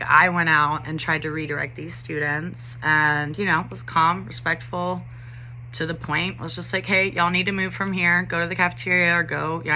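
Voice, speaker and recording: Bright, forceful young woman teacher. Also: sits low, slight background noise. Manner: conversational, frequent "like" and "you know". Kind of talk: casual storytime vlog.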